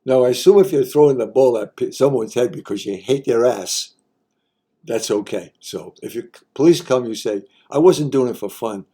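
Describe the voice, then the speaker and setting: A man's voice: mid-range voice, normal speed, warm tone, husky. An older man hosting a casual explainer, talking in a folksy, wry way with joking asides. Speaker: host.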